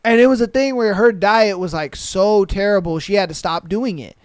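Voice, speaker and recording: Podcast host, young guy, high clear voice, slangy and profane, close dry mic. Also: moderate pace, no room sound. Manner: loose, profane, slangy banter with sudden loud outbursts. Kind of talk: casual podcast commentary reading listener answers.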